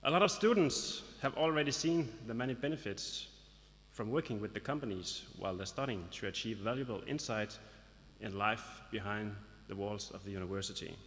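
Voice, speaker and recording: A man's voice: lowish voice, brisk, a bit bright. A man representing a local business association, giving a formal speech with light jokes at a graduation ceremony. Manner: formal, lightly joking, announcing. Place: large hall at a graduation ceremony. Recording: long reverb of a large hall.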